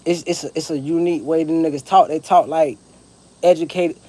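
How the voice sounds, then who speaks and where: A man's voice: a little high, fairly even intonation, a little fast, warm tone. A man from Florida with a Southern accent, talking casually and profanely to camera in a rambling vlog monologue. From Broward County, Florida. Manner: rambling, profane, laid-back. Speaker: vlogger.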